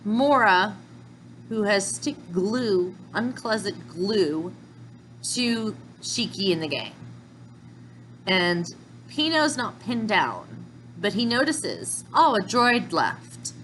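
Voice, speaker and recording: A woman casually recapping manga chapters in a chatty, excitable way, with slips and restarts. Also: mid-range voice, slow pace, a little hiss or hum, rough recording. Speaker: manga reviewer.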